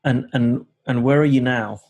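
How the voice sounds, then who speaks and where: A man's voice: mid-range voice, steady tone, normal speed, darkish tone, lo-fi sound. A man hosting a live coaching webinar over a video call, talking casually with many fillers and restarts.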